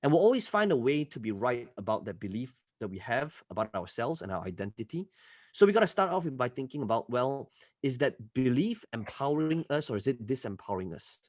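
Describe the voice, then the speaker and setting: A man who is a podcast guest and entrepreneur, telling stories in an animated, emphatic way and often tagging his points with "right?". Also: mid-range voice, fairly quick, dry recording. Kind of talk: podcast interview storytelling.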